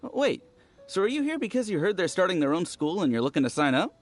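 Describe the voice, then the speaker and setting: A man's voice: sits high, fast talker, music in the background. An actor playing a friendly, talkative young villager in a video game, eagerly recounting what he saw. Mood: chatty. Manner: chatty, animated storytelling.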